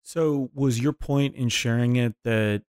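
Man host, mid-pitched, dry recording; short probing questions. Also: a little slow, a little mellow, clear, resonant tone, dry recording. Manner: brief, probing follow-up questions. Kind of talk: casual interview chat.

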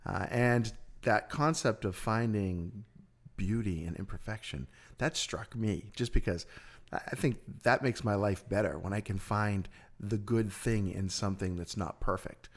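A man's voice: fairly low pitch, measured pace. A man hosting a podcast, chatting casually in an upbeat way, with frequent stammers and easy laughter. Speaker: podcast host. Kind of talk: casual chat.

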